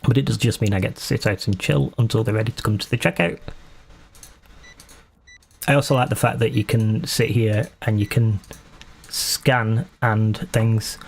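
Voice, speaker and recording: A man's voice: fairly low pitch, fairly even intonation, normal speed, creaky, long pauses, slightly rough. A man casually commenting on his own gameplay while streaming, chatty and self-mocking as he talks to himself.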